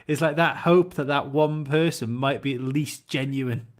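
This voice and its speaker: A man's voice: medium pitch, fairly even intonation, moderate pace. A man, chatting casually on a podcast, rambling and joking about himself. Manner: rambling, self-deprecating, laughs often. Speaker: podcast guest. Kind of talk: casual chat.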